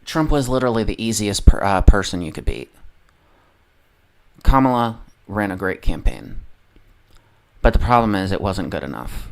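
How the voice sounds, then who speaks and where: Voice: low-pitched, lively intonation, moderate pace, gravelly, long pauses, a little mellow. A livestreamer ranting casually about politics, heavily profane and rambling, often losing the train of thought.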